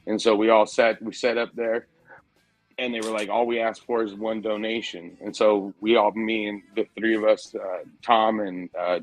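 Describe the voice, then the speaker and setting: Low-voiced profane man telling stories. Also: no room sound, low-quality recording. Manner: profane, rambling storyteller, says dude a lot. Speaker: podcast host. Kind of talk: casual chat.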